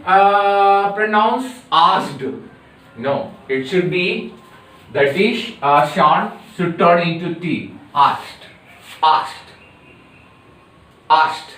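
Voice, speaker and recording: Slow Indian English teacher in an echoey room. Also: male voice, high voice, pushed and bright, distant mic. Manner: slow and deliberate, repeating each word many times. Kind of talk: classroom pronunciation lesson. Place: classroom or coaching centre.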